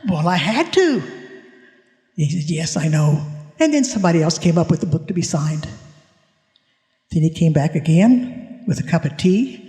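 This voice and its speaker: A man with a fairly high but dark-toned voice speaks at a moderate pace, with big pitch swings and long pauses, giving a spiritual talk in a conference hall with echoey reverb. He tells a personal story and acts out its dialogue with animation.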